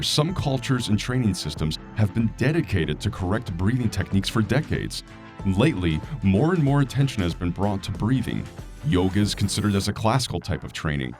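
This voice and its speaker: A man reading a scripted product review as a hired voice actor, in a lively, expressive way. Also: on the low side. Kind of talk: scripted narration.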